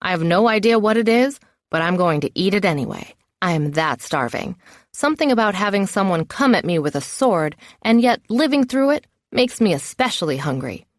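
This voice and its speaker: A woman's voice: medium pitch, sing-song, normal speed, no room sound, clean studio sound. A woman narrating a first-person novel in a wry, self-mocking inner voice. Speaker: audiobook narrator.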